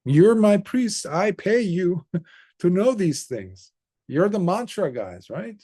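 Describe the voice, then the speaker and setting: A man voicing a terrified ancient king who shouts demands at his priests in panicky outbursts. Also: on the high side, sing-song, unhurried, husky, no echo, studio quality, heavily acted. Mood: demanding.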